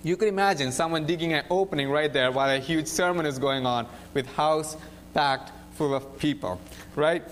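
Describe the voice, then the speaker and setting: A young man preaching in a casual, animated storytelling way, often saying "like" and "right?". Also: fairly high pitch, normal speed, a little hiss or hum. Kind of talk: casual sermon retelling a Bible story.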